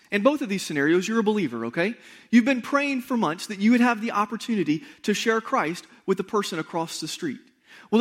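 Man, pastor, high-pitched voice, sermon, conversational, direct to the congregation, emphatic repetition. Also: a bit bright. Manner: conversational preaching, addresses the congregation directly with rhetorical questions.

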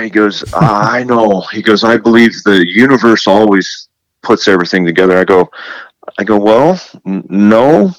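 Lively storytelling man, deep, dry. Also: normal speed, no echo, rough recording. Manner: animated storyteller who acts out quoted dialogue; repeats words and restarts. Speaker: guest, television presenter. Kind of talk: casual faith interview.

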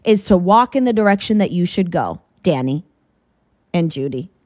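A woman's voice: fairly low pitch, animated, normal speed, darkish tone, no room sound, studio quality. A woman speaking as a Christian preacher to her listeners, fervent and full of repeated restarts.

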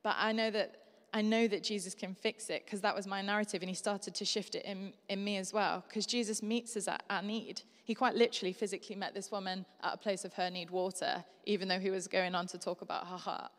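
Young woman preacher, chatty animated sermon, mid pitch, long hall reverb. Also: brisk. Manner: conversational, animated storytelling.

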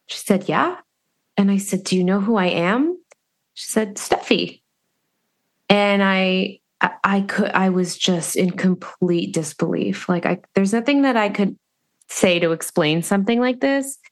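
Earnest woman telling a personal story. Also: medium pitch. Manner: earnest, reflective, with many pauses and restarts. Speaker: podcast host.

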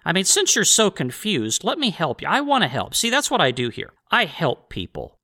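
Male podcast host, bright, sarcastic and rambling, mock-apologetic asides. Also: medium pitch. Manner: mocking, sarcastic, rambling with restarts. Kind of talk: sarcastic history podcast monologue.

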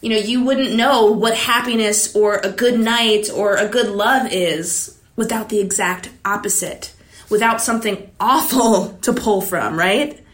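A woman's voice: medium pitch, unhurried, a bit bright. A woman giving a candid motivational talk to her viewers, blunt and confiding, swearing often. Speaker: vlogger. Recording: echoey room.

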